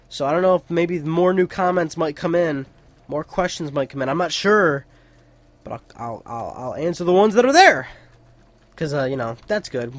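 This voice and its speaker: A young man giving casual let's play commentary, rambling and chatty and swearing freely. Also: a little high. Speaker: gaming YouTuber.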